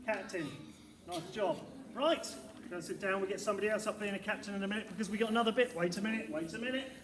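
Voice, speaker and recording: A man's voice: sits high, quick pace, far from the mic. A man, a primary school teacher, leading a music assembly with upbeat encouragement for the children. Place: school hall, indoors. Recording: echoey hall with background noise.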